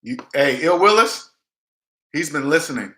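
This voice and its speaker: Somewhat slow yet animated, the debt advice vlogger's voice is on the high side and a bit bright, with a reverberant sound. During a casual live-stream advice talk, he delivers blunt, emphatic money tips, repeats points, and impersonates the people he quotes.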